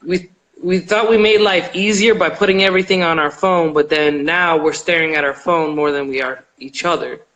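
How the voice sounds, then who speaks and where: Radio host guy, slow and halting, lots of ums, slightly high voice. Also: low-quality recording. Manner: relaxed, halting, many fillers and restarts. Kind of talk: casual interview chat.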